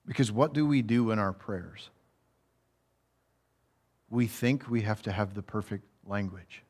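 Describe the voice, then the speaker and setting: A man's voice: lowish voice, measured pace, darkish tone, breathy edge. A man preaching a conversational, humorous sermon that builds to raised, emphatic passages.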